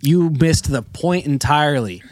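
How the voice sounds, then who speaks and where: Casual male podcast co-host, lively storyteller, dry studio sound. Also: measured pace, no echo. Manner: animated storyteller, acts out quotes in high voices, swears.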